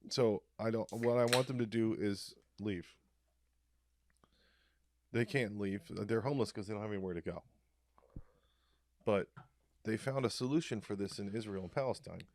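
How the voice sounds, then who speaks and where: A man co-hosting a casual comedy podcast, telling dark jokes in a deadpan, rambling way. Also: on the low side, normal speed, pauses often. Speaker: podcast co-host.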